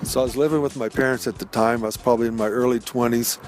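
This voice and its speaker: A man's voice: mid-range voice, fairly even intonation, quick pace, faint music behind. A middle-aged man telling a rambling, profane personal anecdote in a laid-back way. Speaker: storyteller. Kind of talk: recorded anecdote.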